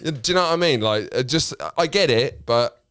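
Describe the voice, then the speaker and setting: A man's voice: medium pitch, expressive, normal speed, fairly bright tone, slight background noise. A man, a comedian guest telling a rambling story in casual chat, with many restarts and casual swearing.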